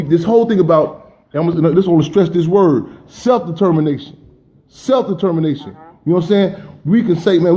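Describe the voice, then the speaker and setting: A man's voice: a little high, mellow. A man hosting a political talk radio show, speaking with passion and often saying "you know what I'm saying".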